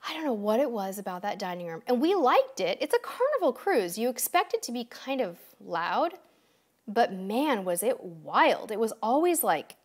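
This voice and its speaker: A woman hosting a live-stream quiz, chatting upbeat and directly to her viewers, a bit tired. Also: fairly high pitch. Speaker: livestream host. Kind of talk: casual live-stream chat.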